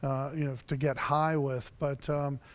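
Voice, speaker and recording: A man on a panel answering audience questions, halting and leaning on filler phrases. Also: mid-range voice, flat delivery. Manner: halting, many 'you know' fillers. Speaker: panelist, hemp advocate. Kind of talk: panel discussion.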